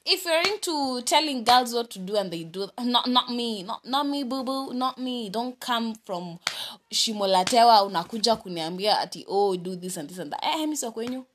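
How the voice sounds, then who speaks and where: A young woman with a Kenyan accent telling a story in a casual vlog, animated and mixing English with Swahili slang. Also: a little high, moderate pace. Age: young adult. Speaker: vlogger. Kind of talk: storytime chat.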